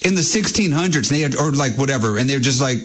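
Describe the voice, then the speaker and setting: A man's voice: mid-range voice, lively intonation, fast talker, a bit bright. A man co-hosting a radio show who rambles impatiently and says "like" again and again. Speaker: radio co-host. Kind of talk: sports radio talk. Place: radio studio.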